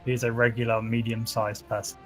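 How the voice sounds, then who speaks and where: A man at a mid pitch runs a tabletop game, narrating in an easygoing way with frequent fillers and restarts. Faint music plays underneath his voice. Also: completely flat delivery, fairly quick, a bit bright. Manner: easygoing, laughing often, filler-heavy. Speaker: dungeon master.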